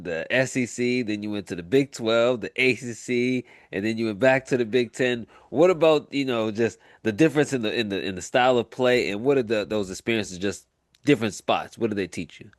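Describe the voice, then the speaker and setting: A man's voice: medium pitch, dry recording, clean studio sound. A man hosting an interview in a laid-back, casual way, laughing easily as he asks his questions. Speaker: podcast host.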